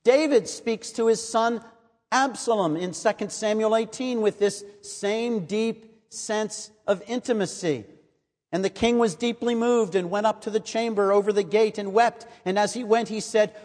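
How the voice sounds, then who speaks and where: A man preaching a sermon in a measured, earnest way, reading and explaining scripture. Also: sits high, darkish tone. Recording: long hall reverb.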